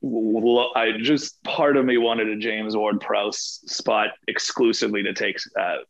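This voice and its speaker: A man co-hosting a casual football podcast, delivering his jokes deadpan and sarcastic. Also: lowish voice, unhurried, dry recording. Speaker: podcast co-host. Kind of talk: casual sports chat. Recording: dull, dry lo-fi sound.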